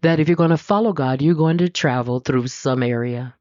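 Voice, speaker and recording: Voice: medium pitch, expressive, a little fast, darkish tone, no echo. Conversational preacher telling a story. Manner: conversational, asks the listeners questions, laughs easily. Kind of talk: sermon with storytelling. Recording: dull lo-fi dry recording.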